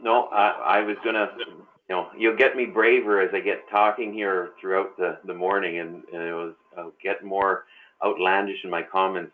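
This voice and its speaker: A man's voice: sits low, steady tone, normal speed, a little hiss or hum. A man speaking on a panel in an online webinar, folksy and prone to repeating words and restarting. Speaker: agronomy panelist. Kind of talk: webinar discussion. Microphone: video call. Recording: tinny phone-like call line.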